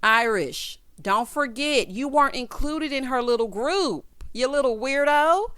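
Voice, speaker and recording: A woman's voice: high voice, animated, unhurried, fairly bright tone, clear, resonant tone. A young adult woman giving a casual, sassy recap of a reality show, calling her viewers "child" and "honey".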